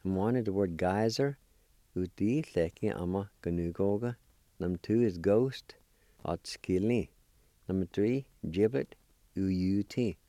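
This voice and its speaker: A man's voice: deep voice, unhurried, dark tone, no room sound. A man teaching word pronunciation, sounding words out syllable by syllable in a patient, encouraging way. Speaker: language teacher. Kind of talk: pronunciation lesson.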